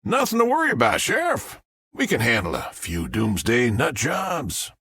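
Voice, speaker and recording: Brief: man doing cocky Southern-drawled sergeant, husky and lively, dry audiobook sound. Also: fairly high pitch, moderate pace, no echo, pitched above the performer's own voice, exaggerated voice. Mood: swaggering. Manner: heavy twang, swaggering and dismissive. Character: brash military sergeant, man, middle-aged, confident.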